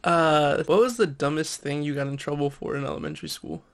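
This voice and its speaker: A young man hosting a casual chat, asking questions and joking with his guest. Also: fairly high pitch. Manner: joking interviewer, quick to laugh. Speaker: podcast host.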